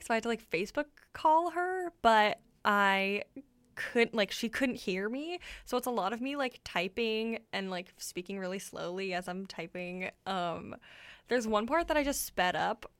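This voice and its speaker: A woman's voice: medium pitch, fairly bright tone, clean tone. A young woman co-hosting a radio show, chatting casually with lots of fillers and giggles. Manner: chatty, fills talk with "like", giggly. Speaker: radio co-host. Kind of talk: casual chat.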